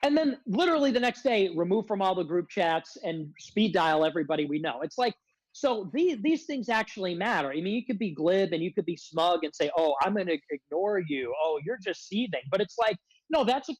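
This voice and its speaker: A man's voice: high-pitched, sing-song, brisk, dry recording, poor audio. A man ranting as a guest on a livestream, confrontational and self-described as a hothead, repeatedly demanding answers. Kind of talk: heated casual rant.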